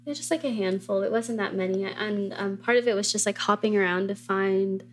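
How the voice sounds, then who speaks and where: A woman hosting a podcast interview, relaxed and casual, saying "like" a lot. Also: mid-range voice, fairly quick, a little hiss or hum. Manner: relaxed, lots of "like". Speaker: podcast host.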